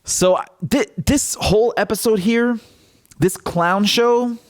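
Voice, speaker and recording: A male political commentator in a casual vlog, talking in a mocking, animated way and laughing often. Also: high-pitched, takes it slowly, no room sound.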